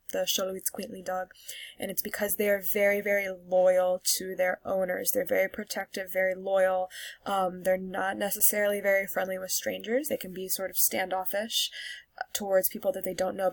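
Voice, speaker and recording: A young woman teaching Spanish, sounding out words slowly for learners and then explaining casually. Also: mid-range voice, gravelly, dry recording. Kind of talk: classroom lesson recorded for students.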